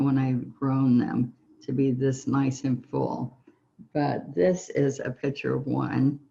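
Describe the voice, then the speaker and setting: Slow, mellow Southern woman teaching painting. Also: rumbling low, gravelly, highs cut off. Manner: gentle, encouraging, talks through each brushstroke. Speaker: painting instructor. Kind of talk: relaxed painting tutorial.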